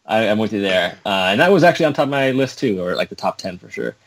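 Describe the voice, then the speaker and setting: A man's voice: fairly low pitch, lively intonation, fast. A young adult man chatting casually, rambling and self-mocking. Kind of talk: casual chat.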